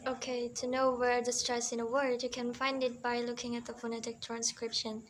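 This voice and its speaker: A woman's voice: on the high side, monotone, moderate pace, low-quality recording. Young woman giving a class presentation. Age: young adult. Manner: reads examples aloud one by one. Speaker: student presenter. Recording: faint background noise.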